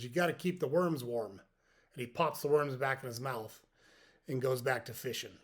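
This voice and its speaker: Middle-aged guy, regular mid voice, folksy motivational podcast chat, step by step. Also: mid-range voice. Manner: reflective, explains step by step; folksy, tells jokes as examples. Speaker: podcast host. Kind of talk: motivational talk.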